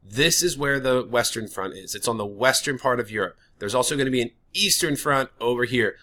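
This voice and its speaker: Male teacher, casual classroom lecture, chatty, bright forceful voice. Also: mid-range voice, a little fast. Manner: casual and chatty, with many "like" fillers. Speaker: history teacher.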